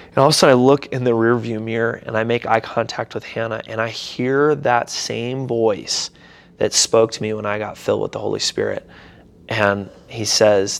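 Gravelly-voiced pastor telling a story. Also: male voice, on the low side, normal speed. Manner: animated storyteller, acts out voices in quotes. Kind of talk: casual storytelling interview.

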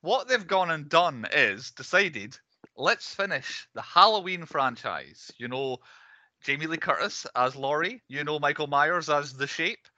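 Bright-voiced man ranting. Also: a little high, animated, no room sound, lo-fi sound. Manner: opinionated, ranting, fast asides. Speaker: podcast co-host. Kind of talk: casual ranting film chat.

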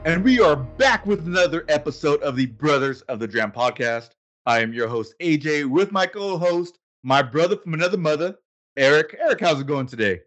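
A man's voice: on the high side, lively intonation, moderate pace, fairly bright tone, soft background music. A man hosting a casual podcast, chatting in a playful, teasing way with his co-host. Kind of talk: casual chat.

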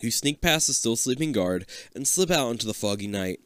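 A man's voice: fairly quick, clear, resonant tone, no echo. A man reading a choose-your-path book aloud for laughs, with casual swearing and jumpy put-on voices for the characters. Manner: lively, swings into squeaky put-on voices for quotes. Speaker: reader and co-host.

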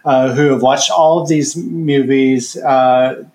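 A man's voice: medium pitch, fairly even intonation, takes it slowly, a little mellow. A man co-hosting a casual podcast, talking hesitantly with many restarts and fillers. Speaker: podcast co-host. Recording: roomy echo.

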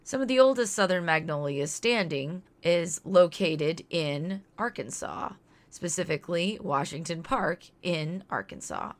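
A woman from Louisiana reads her podcast script aloud with a low, deep voice. She sounds earnest, reflective and outspoken, like a host sharing personal thoughts with her listeners. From Louisiana, near New Orleans.

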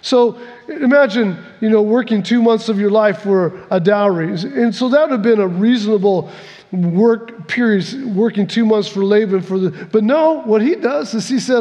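Folksy high-voiced preacher in a reverberant hall. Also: male voice, moderate pace, a little mellow. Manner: folksy storytelling, acting out the characters' lines. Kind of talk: sermon.

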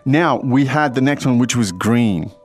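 A man's voice: mid-range voice, animated, a little slow, soft background music. A man hosting a language lesson, prompting his co-host with questions and plenty of fillers. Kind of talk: casual teaching chat.

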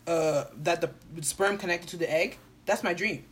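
A woman's voice: on the low side, moderate pace, husky. A young woman co-hosting a casual chat, ranting sarcastically in heavy slang.

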